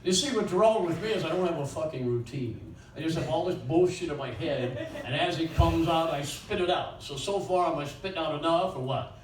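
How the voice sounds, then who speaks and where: Older male comic, crude rambling one-liners, slightly high voice, caught on a distant mic in a roomy space. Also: fairly quick, slight background noise. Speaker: stand-up comedian. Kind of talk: stand-up comedy at an open mic. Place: small bakery venue with few people. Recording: roomy echo from a distant mic, faint ambience.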